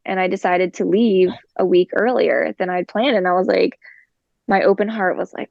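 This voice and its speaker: A woman with a gravelly, fry-laden voice talks through a personal story in a relaxed, chatty way, leaning on fillers as she goes. The sound is dry and close, and the recording is a little dull and lo-fi. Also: mid-range voice, brisk, no room sound. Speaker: guest. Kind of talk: casual storytelling in conversation.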